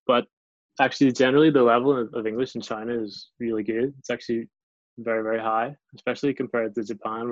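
A man with a Northern Irish accent chatting casually as a guest, relaxed and self-deprecating, often restarting his sentences. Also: lowish voice, no room sound. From Northern Ireland. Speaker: guest, English teacher abroad. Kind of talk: casual chat. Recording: dull lo-fi recording, dry.

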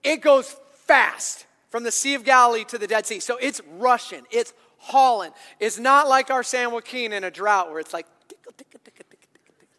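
Man, pastor, bright high voice, animated sermon, long hall reverb. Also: normal speed, few pauses. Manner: animated preaching, rising to loud emphatic bursts.

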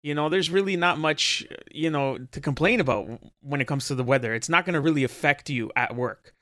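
A man's voice: fairly high pitch, fairly quick, pushed and bright, no echo, clean studio sound. A man co-hosting a podcast in casual chat, laid-back and joking, talking with fillers. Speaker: podcast co-host.

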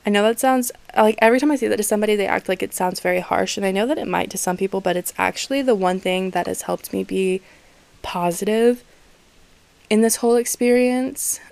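Young female podcast host, frank and swearing, gravelly voice, dry close-miked. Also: mid-range voice, moderate pace, darkish tone, no room sound. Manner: candid, swears freely, laughs often. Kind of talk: casual solo podcast chat.

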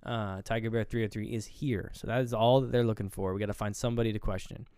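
A man's voice: lowish voice, steady tone, fast, a little mellow, clear, resonant tone, no room sound, studio quality. A man co-hosting a podcast, casually recapping a film and acting out characters' lines with loose swearing. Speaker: podcast co-host.

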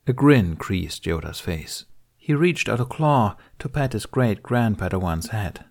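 Low-voiced man reading a story. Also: normal speed, gravelly. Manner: even storytelling narration. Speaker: reader. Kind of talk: audiobook reading of fan fiction.

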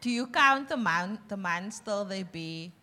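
A woman reading scripture aloud in a steady, measured way during a sermon. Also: mid-range voice. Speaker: scripture reader.

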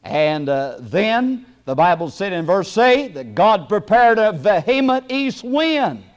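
Preaching with folksy charm, this man chuckles a lot and hesitates over fillers, then swells into loud, emphatic bursts. His high voice swings widely in pitch, and he speaks slowly.

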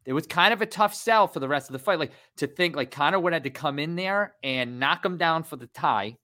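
A man in his thirties co-hosting a casual fight podcast, animated and rambling, swearing freely. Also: on the high side, brisk. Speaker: podcast co-host.

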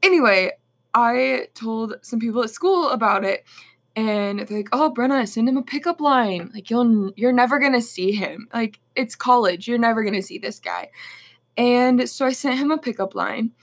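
A woman's voice: fairly high pitch, moderate pace. A young woman co-hosting a podcast, telling a story in casual chat and laughing often. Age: young adult. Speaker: podcast co-host.

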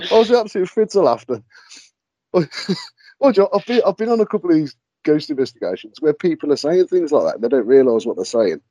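Lively man telling ghost tales. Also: fairly high pitch, brisk, muffled recording. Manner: animated storyteller, laughs often, swears casually. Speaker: podcast guest, paranormal investigator. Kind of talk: casual podcast chat.

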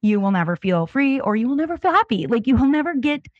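A woman's voice: on the high side, very animated, quick pace, no room sound, highs cut off. A woman in her thirties, a podcast guest, telling her own story in an open, earnest way. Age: 30s. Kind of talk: candid personal testimony.

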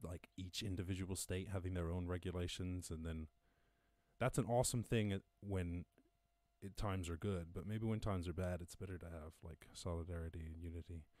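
Deep-voiced Irish man, chatty and laughing. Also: steady tone, normal speed, darkish tone, dry recording. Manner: chatty, swears freely, laughs at his own jokes. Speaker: podcast host. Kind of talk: casual live-stream news commentary. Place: home during lockdown.

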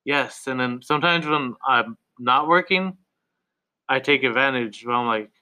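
Slangy, laid-back young man with a bright voice. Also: mid-range voice, measured pace, smooth. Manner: laid-back, slangy and profane, laughs often. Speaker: tattoo artist guest. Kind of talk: casual podcast storytelling.

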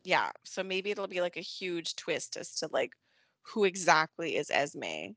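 A woman co-hosting a casual podcast chat, animated and laughing often, acting out characters' lines as she recaps. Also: fairly low pitch, unhurried, dry recording. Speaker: podcast co-host.

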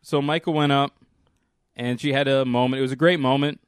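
A man's voice: medium pitch, steady tone, fairly quick, clear, resonant tone, no echo, studio quality. Laid-back man telling a story on a podcast. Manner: laughs often, easygoing storytelling. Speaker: podcast co-host. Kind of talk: casual chat.

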